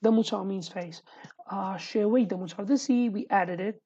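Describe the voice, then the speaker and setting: A woman's voice: medium pitch, dark tone, slightly rough. A woman teaching a casual online language lesson, explaining patiently and repeating each word, with as her language, in a dull lo-fi home recording. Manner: explains patiently, often pausing and repeating words.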